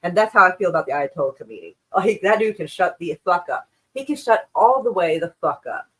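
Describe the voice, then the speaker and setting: A woman's voice: lowish voice, big pitch swings, a little fast. A woman hosts a live stream and talks loosely to her chat, thanking viewers by name in a gushing way. Her talk drifts from topic to topic and is laced with swearing. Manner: effusive, profane, rambling.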